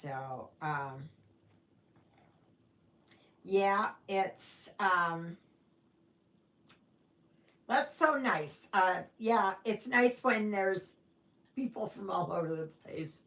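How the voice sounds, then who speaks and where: Animated and a bit bright, this woman's mid-range voice carries a relaxed live-stream chat. She's from Canada, stitching on camera, greeting viewers by reading their comments and wandering along unhurriedly with plenty of fillers.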